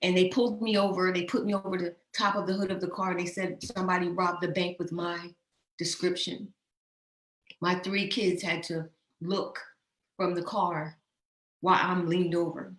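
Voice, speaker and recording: A woman's voice: on the low side, fairly even intonation, moderate pace. A woman in her fifties from New Jersey, a host giving an emotional, impassioned personal address. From New Jersey, USA. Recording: roomy echo.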